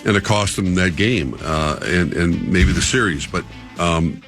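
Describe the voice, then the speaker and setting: A man who is a guest on a sports radio show, offering halting, measured commentary in casual chat. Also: low voice, a bit bright, soft background music.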